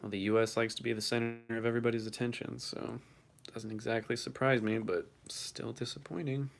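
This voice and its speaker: A man's voice: mid-range voice, flat delivery, fairly quick, gravelly. A young man hosting his first livestream, reading chat and reacting casually, swearing now and then, his voice shaking from the cold.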